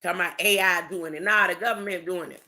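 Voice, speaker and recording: On a livestream, a religious commentator talks casually and emphatically, often tossing "huh?" at the audience. He reads documents aloud slowly, broken up by slangy asides, in a middling-pitched voice with a bright, sharp edge and fairly even intonation.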